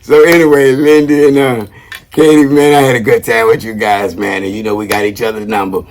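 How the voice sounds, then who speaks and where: A man's voice: medium pitch, level tone, a little fast, a little hiss or hum. A man casually talking to camera as a vlogger, upbeat and rambling, with lots of slang and a habit of tacking "man" onto his sentences. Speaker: vlogger shouting out veterans.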